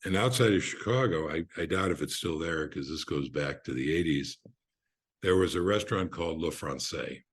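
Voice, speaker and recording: An older man, a podcast guest, telling relaxed anecdotes in an unhurried way, often restarting his sentences. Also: rumbling low, breathy edge. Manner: unhurried storyteller with frequent restarts and fillers.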